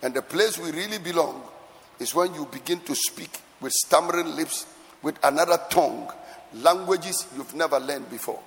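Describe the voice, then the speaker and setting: Emphatic high-voiced male preacher. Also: normal speed, big-room sound. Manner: emphatic, repeats words for stress, swings from soft to loud; sometimes lapses into a sung cadence. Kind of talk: sermon.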